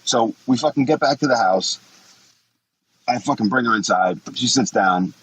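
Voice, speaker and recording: A husky, fairly bright mid-range voice belongs to this former wrestler in his forties, who guests on a podcast and tells blunt, profane stories in a rambling, casual interview at a moderate pace. The audio quality is poor.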